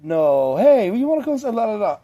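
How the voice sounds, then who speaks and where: An entranced young woman, eager and pushy, rising way up high in a breathy mimicking tone as a man puts her on. Her tone stays mellow under the lift. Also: sing-song, fairly quick, muffled recording.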